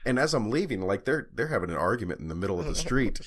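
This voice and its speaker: A man's voice: lowish voice, sing-song, quick pace, breathy edge. A young man co-hosting a podcast, telling a long story in casual chat, full of fillers and swearing. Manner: rambling storytelling with fillers and profanity. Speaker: podcast co-host.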